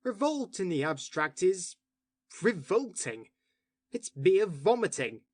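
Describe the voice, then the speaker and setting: Reader doing a fiery male poet in an audiobook, big swings in pitch, preachy and heated. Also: sing-song, slow, darkish tone, dry recording. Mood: impassioned. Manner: impassioned, oratorical arguing. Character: male poet of order, passionate and indignant. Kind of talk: audiobook dialogue reading.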